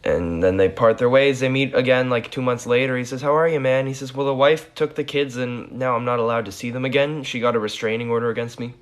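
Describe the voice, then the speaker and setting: A man's voice: mid-range voice, quick pace, few pauses. A man telling a long joke in a laid-back, dry storytelling manner. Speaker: joke teller.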